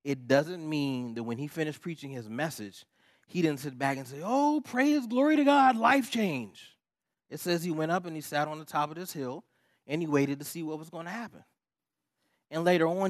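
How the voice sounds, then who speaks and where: A man with a fairly high voice delivers a sermon as pastor. He preaches emphatically and repeats short commands, slipping in casual asides. The sound is dry and close. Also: fairly quick, no echo.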